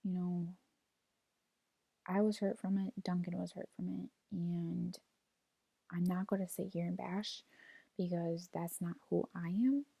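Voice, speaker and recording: A vlogger in her twenties speaks in a lowish, warm voice with vocal fry and a breathy edge, keeping a steady tone and measured pace with long pauses in a dry recording. Her personal story rambles, is packed with "like," and includes retold quotes as she nears tears and holds back crying.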